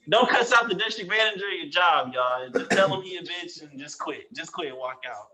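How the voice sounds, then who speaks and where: A man's voice: fairly high pitch, brisk, few pauses, low-quality recording. A young man telling a story in casual slangy chat, acting out both sides of an argument. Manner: animated, slangy, acts out both sides of a quarrel. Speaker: podcast guest telling a story.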